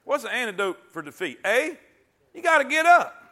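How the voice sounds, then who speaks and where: A middle-aged man preaches in a church, his voice sitting very high and ringing bright. He talks in a folksy, call-and-response way, asking the room for amens and telling homespun stories. He rises into loud bursts when he voices what God says. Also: very animated, normal speed. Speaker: pastor. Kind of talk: sermon. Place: church sanctuary.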